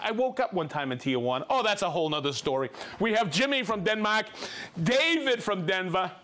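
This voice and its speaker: A man hosting a livestream, reading out viewer shout-outs in a playful, jokey way and laughing easily. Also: high voice, big pitch swings, brisk. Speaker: host.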